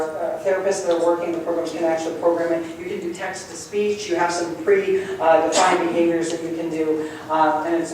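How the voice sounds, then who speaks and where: A man gives a friendly, conversational public lecture, easygoing and quick to chuckle. He is picked up from well back in the room, so his voice is wrapped in strong echo. There is faint background noise. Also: a little high, darkish tone. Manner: conversational, good-humored, chuckles often. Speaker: guest lecturer. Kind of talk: public lecture with audience questions. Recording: roomy hall sound from far off, faint noise.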